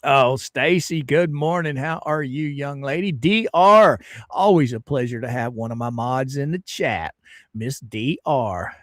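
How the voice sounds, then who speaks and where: A man's voice: mid-range voice, animated, unhurried, a bit bright, no echo, clean studio sound. A man hosting a casual livestream, laughing often and greeting viewers in the chat. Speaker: livestream host.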